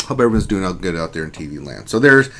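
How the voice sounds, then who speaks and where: A man's voice: deep voice, sing-song, quick pace, bright, forceful tone, slight background noise. A man hosting a casual lunchtime livestream, greeting viewers by name and reading their chat messages aloud in a joking, laid-back way with casual swearing. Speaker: livestream host.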